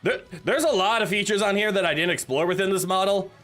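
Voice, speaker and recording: A man's voice: high-pitched, fast, fairly bright tone, faint music behind. A man streaming live, chatting casually with his viewers in a nervous, joking, giggly way. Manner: chatty, joking, talks to chat.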